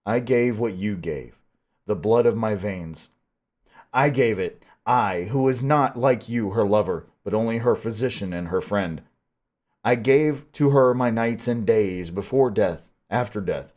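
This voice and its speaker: A man reading the part of a grave, stern old professor who pleads with measured weight. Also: on the low side, a little mellow, natural voice. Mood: pleading. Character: grave old male Dutch professor, stern yet tender. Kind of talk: audiobook reading.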